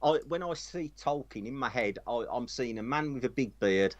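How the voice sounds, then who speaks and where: A man's voice: medium pitch, expressive, moderate pace, no echo. A man from Birmingham with a Birmingham accent, a guest in a casual chat, jokey and bantering, often laughing. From Birmingham, England.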